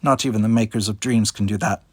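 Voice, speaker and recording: A man's voice: medium pitch, unhurried, no echo, pitched above the performer's own voice. A man voicing a haughty, suspicious alien queen.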